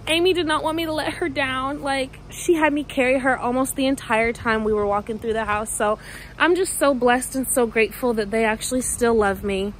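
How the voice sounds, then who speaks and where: A young woman vlogging casually from a parked car, chatty and gushing with excitement. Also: a little high, fairly quick, slight background noise, low-quality recording. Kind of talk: casual vlog talk to camera.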